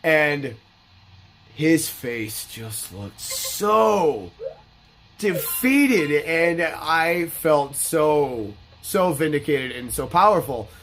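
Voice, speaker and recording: A man's voice: fairly high pitch, animated, drawn-out words, fairly bright tone, a little hiss or hum. A man in his thirties hosting a gaming channel, telling stories in a blunt, boastful and profane way. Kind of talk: casual storytelling over gameplay.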